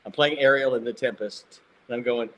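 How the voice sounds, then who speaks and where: An older man from Mississippi spins funny, self-mocking anecdotes as a podcast guest. His voice sits at an ordinary middle pitch, and his delivery is casual and animated. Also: a little fast, muffled recording. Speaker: guest actor. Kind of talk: casual storytelling.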